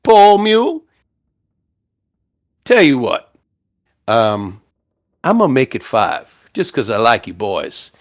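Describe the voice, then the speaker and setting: A man's voice: mid-range voice, wildly swooping pitch, takes it slowly, pauses often. A man voicing an undead male bard with folksy, drawling salesman patter. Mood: friendly.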